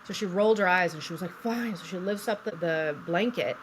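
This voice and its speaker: A young woman co-hosting a podcast, telling her story in a casual, animated way, swearing freely and acting out what people said. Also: lowish voice, fast talker, noisy background. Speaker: podcast co-host.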